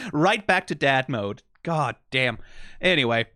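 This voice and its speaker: A man hosting an anime reaction, talking in casual, animated commentary, often asking "right?" and laughing. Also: mid-range voice, unhurried, dry recording, studio quality.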